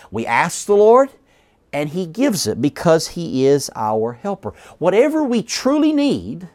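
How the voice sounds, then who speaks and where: A man delivering a sermon in an animated voice that climbs and falls through each sentence. He reads scripture aloud, then slows down and lets his voice drop at the close of key phrases. Now and then he stops to correct himself before carrying on. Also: fairly high pitch. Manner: self-corrects mid-sentence. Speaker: preacher.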